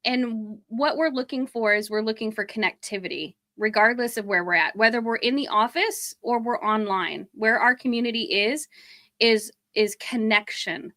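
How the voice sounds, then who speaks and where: A woman's voice: fairly high pitch, normal speed, pushed and bright. A woman co-hosting a marketing podcast, talking casually and bluntly with a little swearing. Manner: blunt, emphatic, mild swearing. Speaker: podcast co-host.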